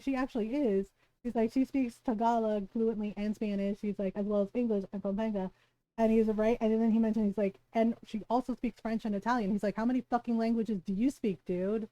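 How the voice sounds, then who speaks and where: A woman streaming a video game, chatting casually and telling stories in an animated way, with plenty of swearing. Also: on the high side, rough recording. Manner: animated storytelling with frequent swearing and laughter. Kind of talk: casual gameplay chat.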